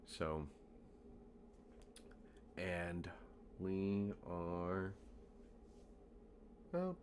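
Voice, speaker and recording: Deep-voiced man rambling through a game stream. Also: sing-song, extremely slow, darkish tone, a little hiss or hum. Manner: rambling, chatty, self-mocking. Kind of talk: casual gameplay commentary.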